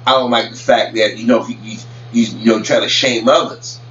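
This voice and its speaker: A vlogger comments on celebrity news in a casual, rambling rant to camera, often stammering and repeating words. His mid-range, slightly bright voice has fairly even intonation at normal speed. The recording is roomy, distant, and dull lo-fi with a faint hum.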